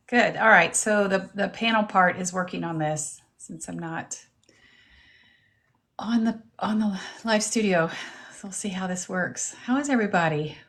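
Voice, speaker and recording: A woman's voice: lowish voice, moderate pace, few pauses, a bit bright. A woman reverend hosting a casual live stream, greeting viewers by name and chatting while she eats lunch. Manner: talks while eating lunch. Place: at home with her dog.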